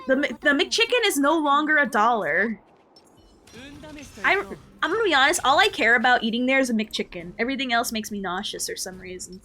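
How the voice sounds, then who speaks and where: A woman's voice: fairly high pitch, lively intonation, moderate pace, bright, forceful tone. A woman VTuber streamer in casual live-stream chat, ranting in a slangy way and reading her chat aloud. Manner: slangy, says "bruh" often.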